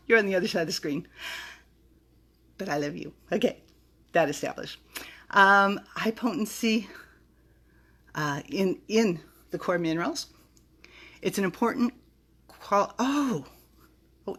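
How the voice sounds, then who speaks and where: A bubbly middle-aged woman reviews vitamins in a casual vlog, talking straight to camera in a chatty, giggly, open and unscripted way. Her voice sits a little low, and she often trips over hard words.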